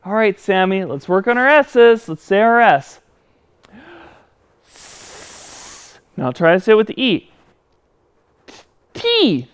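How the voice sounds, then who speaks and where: Animated man hosting a kids' speech lesson. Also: high-pitched, a little fast, few pauses, smooth. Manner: animated, talks straight to kids at home. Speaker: children's speech teacher and show host. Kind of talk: children's educational show.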